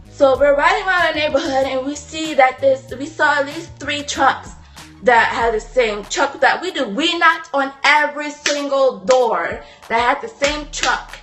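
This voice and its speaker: Teen girl vlogger, high voice, chatty storytime, faint music behind. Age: teens. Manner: chatty, animated, indignant asides with quick apologies. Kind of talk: casual storytime vlog.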